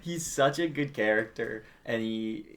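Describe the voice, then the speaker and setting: A man's voice: medium pitch, a little slow, fairly bright tone. A man co-hosting a casual movie review podcast, talking animatedly with lots of restarts and frequent laughter. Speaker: podcast co-host.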